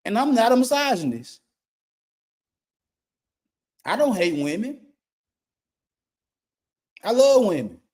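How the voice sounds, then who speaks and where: A man's voice: very high-pitched, sing-song, slow, pauses often, darkish tone. A middle-aged man, a YouTube commentator giving a blunt, profane rant and repeating his points for emphasis. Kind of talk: ranting monologue.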